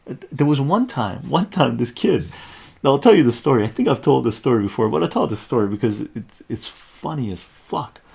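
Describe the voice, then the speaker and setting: A man's voice: medium pitch, a little fast, creaky, breathy edge. A middle-aged man from Iran, telling profane stories in a casual livestream and checking in with "right?". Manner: animated, profane, conversational with frequent "right?". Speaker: streamer.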